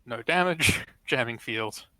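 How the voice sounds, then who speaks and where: A man's voice: medium pitch, lively intonation, slow pace, pushed and bright, dry recording, low-quality recording. A man playing an online tabletop game, chatty and laughing often as he talks through his character's options. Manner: chatty, laughs often, plays a commanding officer. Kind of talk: casual game chat.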